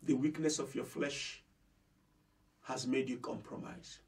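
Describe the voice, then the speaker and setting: A man's voice: medium pitch, flat delivery, unhurried, far from the mic. A man preaching a sermon as pastor. He is fervent, repeats phrases for emphasis and speaks straight to his listeners. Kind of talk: impassioned sermon.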